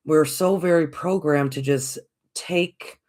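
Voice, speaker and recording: A podcast host speaks in a gentle, encouraging way, working through rhetorical questions and coming back to the same reassuring phrases. The voice sits at an everyday middle pitch. It talks straight to listeners and calls them folks. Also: takes it slowly. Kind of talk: reflective spiritual talk.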